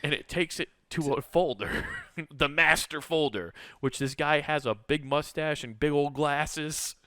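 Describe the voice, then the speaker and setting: Casual comedian guy, bright and crisp, tells stories with lots of swearing and laughs. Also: a little high, unhurried, no room sound, studio quality. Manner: animated, profane, laughing storyteller. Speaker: comedian podcast co-host.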